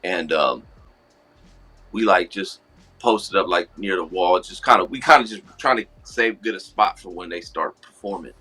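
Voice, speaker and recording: Low, bright-voiced LA man rambling. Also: normal speed, husky, soft background music. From Los Angeles. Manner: relaxed, rambling with many restarts and "I said". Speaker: podcast co-host. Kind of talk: casual storytelling chat.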